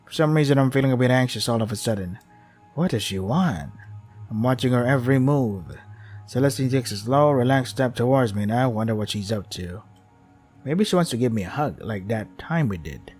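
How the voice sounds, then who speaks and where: A man's voice: medium pitch, animated, a little fast, darkish tone, breathy edge, soft background music. A man reading a visual novel aloud, with wry asides that include swearing. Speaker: game streamer.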